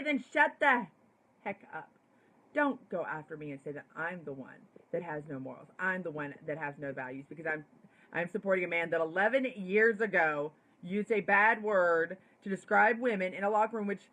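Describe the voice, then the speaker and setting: A woman's voice: lowish voice, a bit bright, low-quality recording. A woman political commentator delivering an emphatic, indignant opinion monologue straight to the camera. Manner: indignant, emphatic, punchy repetitions.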